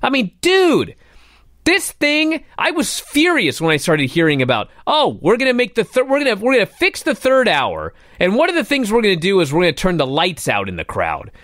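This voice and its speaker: A man's voice: high-pitched, wildly swooping pitch, normal speed, a bit bright, dry recording, studio quality. A man hosting a talk radio show, ranting in a fired-up, exasperated way.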